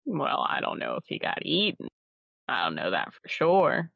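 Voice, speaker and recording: A woman's voice: a bass voice, huge pitch swings, normal speed, vocal fry, a bit bright, no echo, studio quality, pitched below the performer's own voice, exaggerated voice. A woman voicing a cagey, determined investigator, speaking tersely and pressing for answers. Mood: guarded, firm. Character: determined, cagey investigator seeking a missing person.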